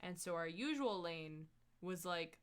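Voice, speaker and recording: A young woman streamer telling a rambling, animated story while she plays a game at home. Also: fairly low pitch, unhurried, a little hiss or hum. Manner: chatty, rambling, animated retelling. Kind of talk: casual storytelling while gaming.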